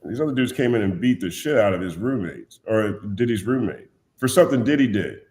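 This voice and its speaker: Blunt, animated man, low voice. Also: fairly quick. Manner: animated, blunt storyteller, puts on voices when quoting. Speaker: podcast guest. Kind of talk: casual podcast chat.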